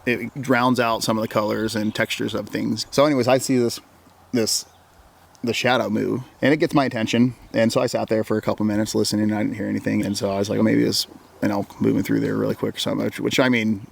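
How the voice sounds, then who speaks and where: The voice is gravelly and on the low side, with a level tone and a fast pace. It belongs to an Oregon wilderness guide who, as an interview guest, casually recounts an encounter in a long story. He rambles, repeats himself, and quotes his own words with "I'm like."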